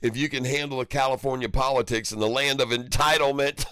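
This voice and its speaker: A man's voice: mid-range voice, steady tone, normal speed, a bit bright, clear, resonant tone, no echo. Jovial male livestream host, dry close sound, easy banter reading viewer comments. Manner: jovial, laughs often, upbeat banter with viewers. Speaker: stock market livestream host.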